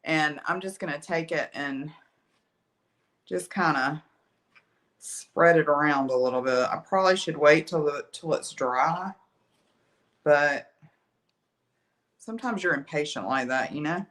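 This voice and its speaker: Woman, Alabama accent, chatty painting teacher, lowish pitch, bright voice, slight cough. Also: measured pace, pauses often. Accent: Alabama Southern US. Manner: chatty, folksy, talks to live viewers while painting. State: lingering cough after being ill. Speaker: art instructor. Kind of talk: live painting tutorial.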